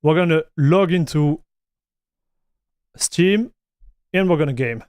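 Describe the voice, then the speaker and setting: High-voiced southern French man streaming. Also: takes it slowly, darkish tone, clean tone, dry recording, studio quality. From France. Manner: casual, addresses viewers as buddy and dude. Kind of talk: live stream chat.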